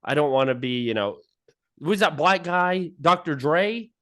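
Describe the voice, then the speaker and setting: A man's voice: on the high side, measured pace. A man co-hosting a casual podcast over a call, ranting in mock anger and airing grievances. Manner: ranting, mock-angry, animated. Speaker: podcast co-host. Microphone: remote call mic.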